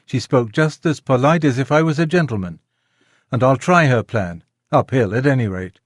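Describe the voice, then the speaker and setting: Rough carter, plain and stubborn but polite to a lady, read by a man; dry sound. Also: medium pitch, normal speed, dry recording, close to an everyday voice. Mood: grudging. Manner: plain, deferential yet stubborn. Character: rough, working-class male carter, grudging. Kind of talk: audiobook character reading.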